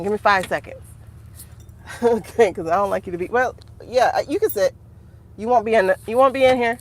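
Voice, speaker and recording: Animated chatty woman livestreaming. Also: mid-range voice, moderate pace. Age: adult. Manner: chatty, animated, laughs often, talks to the chat. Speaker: livestream host and tarot reader. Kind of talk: casual livestream chat.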